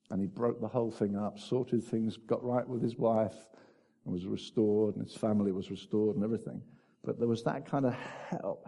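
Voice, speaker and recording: A male preacher with a husky, mellow voice that is warm rather than bright. He swings from loud, emphatic cries down to quiet, confiding asides. His delivery is full of dramatic emphasis. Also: medium pitch, normal speed. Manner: swings between loud exclaiming and hushed, intimate asides. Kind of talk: sermon.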